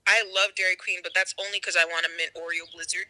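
High, bright-voiced young man joking. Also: flat delivery, poor audio. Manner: joking, teasing, quick comebacks. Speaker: podcast co-host. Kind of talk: casual chat.

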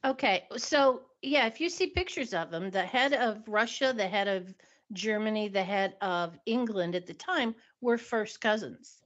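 Slow-talking, hesitant woman. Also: mid-range voice, animated. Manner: hesitant, searching for words with fillers. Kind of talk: casual chat. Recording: dull lo-fi sound.

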